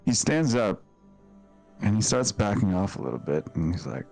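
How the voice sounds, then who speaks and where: Man, low lively voice, tabletop player narrating his character. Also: normal speed, creaky, faint music behind. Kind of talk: tabletop game banter.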